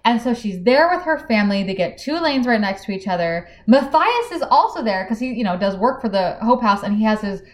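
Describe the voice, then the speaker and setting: Woman on a book podcast, kinda high voice, acts out all the lines, echoey room. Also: brisk, few pauses. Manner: animated, acts out dialogue while retelling the plot. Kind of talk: casual book discussion.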